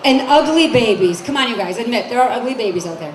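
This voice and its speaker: A woman's voice: on the high side, animated, fast. A woman in her forties doing a stand-up comedy set on a club stage, brassy and chatty, questioning the crowd. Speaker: stand-up comic. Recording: echoey club with crowd noise. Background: crowd laughter and room noise.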